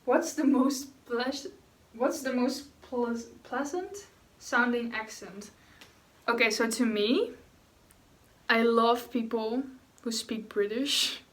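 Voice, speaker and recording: A young woman vlogger paints in a room at home, rambling casually and giggling as she answers viewer questions. Her voice is on the high side and slow, recorded from a distance off-mic in an echoey room.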